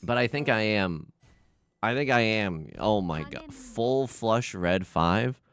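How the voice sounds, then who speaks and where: A young man streaming a game, chatting in a rambling, self-deprecating way with sudden loud outbursts. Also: fairly low pitch, lively intonation, slow. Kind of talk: casual livestream chat while gaming.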